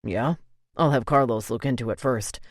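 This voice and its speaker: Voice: medium pitch, normal speed, no room sound, clean studio sound, close to an everyday voice. A narrator voicing a meticulous adult man who owns a restaurant, speaking in a clipped, terse way. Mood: curt.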